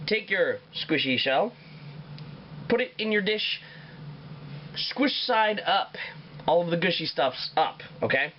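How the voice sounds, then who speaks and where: In his home kitchen, a man hosts a casual cooking show, rambling, swearing and cracking crude jokes as he cooks. His voice is high-pitched and very animated yet slow-paced, the recording muffled with a little hiss or hum.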